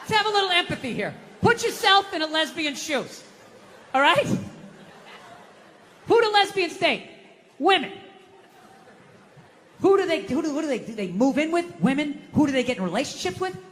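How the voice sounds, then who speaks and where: Boston-accented male stand-up, profane ranter, bright edge, live-mic feel. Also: sing-song, normal speed, pauses often, big-room sound. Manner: ranting, profane, swings from low mutter to high outburst. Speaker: stand-up comedian. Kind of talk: stand-up comedy rant. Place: live venue with audience laughter.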